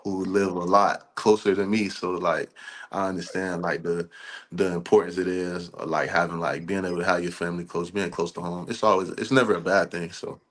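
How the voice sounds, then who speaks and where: A young man, a college football player, talking in a relaxed, slangy way with lots of fillers as a podcast guest. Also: deep voice, a little fast. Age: young adult. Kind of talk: casual interview chat.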